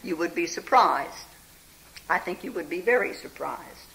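Meditation teacher, bright sharp-edged voice, very lively pitch; conversational talk that keeps checking in with the listeners. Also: gravelly, slight background noise, low-quality recording. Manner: often checks in with listeners with "hmm?" and "huh?"; unhurried and conversational, full of "you know". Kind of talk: spiritual talk telling a Zen story.

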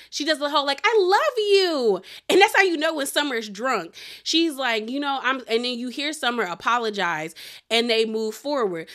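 A young woman casually recapping a reality show episode, chatty and animated, full of "like" and "girl". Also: a little high.

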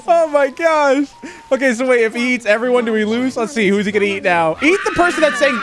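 A man's voice: very high-pitched, lively intonation, normal speed, a crowd in the background. A man giving chatty let's-play commentary on a horror game, laughing often and yelping when startled. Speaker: gaming YouTuber.

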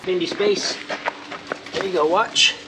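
A man's voice: sits high, steady tone. A man hosting a video outdoors on a farm, casually directing people and praising his dogs in short, bossy bursts. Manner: bossy, gives quick directions. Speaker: host, pest control dog handler. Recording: outdoor noise behind the voice.

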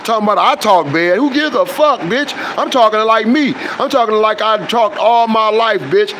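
A man rants with a high-pitched voice, swearing in nearly every line. His delivery is confrontational and addressed straight to viewers, and he often stalls on fillers before pushing on. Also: animated, normal speed, hardly any pauses, pushed and bright, slight background noise, rough recording. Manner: confrontational, profane, trails into fillers. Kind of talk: heated direct-to-camera rant.

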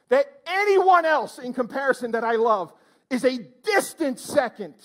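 A male preacher with a strikingly high voice delivers a sermon to his congregation in church. His pitch swoops up and down as he exclaims and throws questions out to the room. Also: fairly bright tone. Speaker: pastor.

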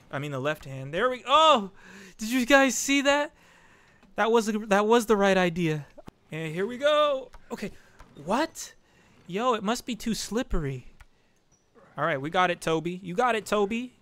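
A young man commentating his own climbing game on stream, talking to his chat and yelping when he falls. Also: on the high side. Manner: excitable, talks to chat, yelps when falling. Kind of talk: gameplay commentary.

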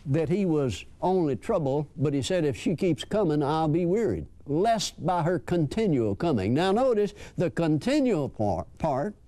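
Older preacher, folksy and chuckling, lively up-and-down delivery, slightly high voice. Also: male voice, normal speed, hardly any pauses. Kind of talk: sermon.

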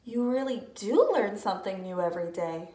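A jittery, wide-eyed young elephant, read aloud by a woman who asks every question with slow amazement. The voice swoops high and low. It is heard in an echoey room from a mic set some distance away. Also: lively intonation, warm tone, close to an everyday voice. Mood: wondering. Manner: wondering, easily alarmed, slow questioning. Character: anxious, curious young male elephant.

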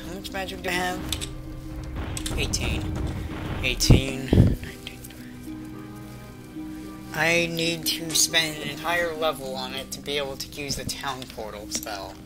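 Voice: mid-range voice, moderate pace. A gamer giving let's-play commentary, talking to themself in a profane, sarcastic way. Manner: profane, sarcastic self-talk. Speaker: gamer playing a video game. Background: game music.

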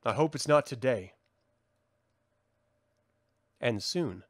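A man voicing a gruff, hard-bitten army commander who talks low, grave and clipped. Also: lively intonation, takes it slowly, no room sound, clean studio sound. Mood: grim.

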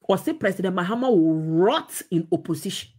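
A woman's voice: fairly low pitch, animated, brisk, darkish tone, slightly rough. A woman with a Ghanaian accent giving opinionated TV commentary, switching between English and Twi with emphatic, mocking remarks.

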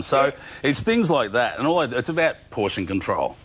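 A man's voice: mid-range voice, very animated, moderate pace, a bit bright, slightly rough. An Australian man, a guest on a TV studio interview, joking and telling self-mocking stories. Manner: playful, self-mocking storyteller. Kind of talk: jokey live TV interview.

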